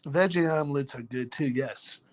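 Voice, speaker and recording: A man's voice: mid-range voice, normal speed. A man hosting a casual live chat, reading out viewers' names, joking about himself and laughing often. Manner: laughs often between lines. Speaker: live stream host.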